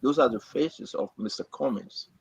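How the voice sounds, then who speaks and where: Man, gravelly, breathy, passionate political commentary, dry recording. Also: mid-range voice, normal speed, no echo. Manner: repetitive, rising to animated outbursts. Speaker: talk show host. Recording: dry, dull lo-fi audio.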